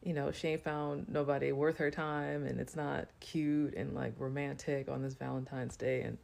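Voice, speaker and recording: A woman's voice: deep voice, normal speed, vocal fry, few pauses, darkish tone. A woman telling a personal story to camera in a loose, chatty way, full of fillers. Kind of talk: casual storytime monologue.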